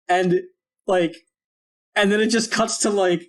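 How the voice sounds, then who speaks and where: A man's voice: high voice, steady tone, slow. A man co-hosting a podcast, telling a long story in a rambling, digressive way. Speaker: podcast co-host. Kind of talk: casual podcast chat.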